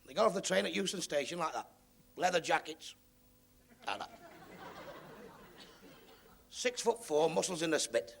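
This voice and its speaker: A male stand-up comedian with a gravelly voice, telling a joke in old 1970s TV audio. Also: a little high, animated, moderate pace, pauses often, noisy background.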